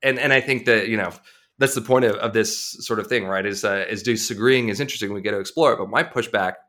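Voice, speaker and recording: A man's voice: on the low side, fast, pushed and bright. A man co-hosting an advice podcast, pushing back thoughtfully with frequent hesitations. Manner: thoughtful, hesitant, lots of fillers and restarts. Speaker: podcast co-host. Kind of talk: conversational podcast debate.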